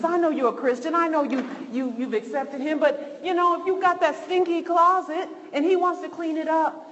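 A higher-voiced woman teaching an informal church lesson, talking in loose, repeating phrases. Her voice rings with a long reverb in a church hall, with faint ambience under it. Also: normal speed, hardly any pauses, lo-fi sound, a little hiss or hum. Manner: conversational, repetitive, lively. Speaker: Bible study teacher.

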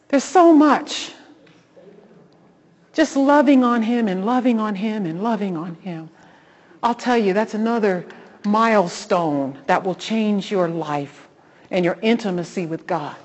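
A woman's voice: a little high, unhurried, lo-fi sound. Woman host preaching about loving god, gets fired up, echoey. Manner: fervent, preachy, rises into excited exhortation. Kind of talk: Christian devotional talk.

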